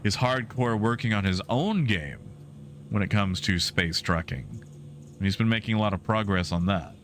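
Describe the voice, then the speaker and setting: Easygoing low-voiced male streamer. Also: moderate pace, fairly bright tone, slight background noise. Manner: rambling, filler-heavy, easygoing. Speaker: game streamer. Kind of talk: casual chat with live viewers.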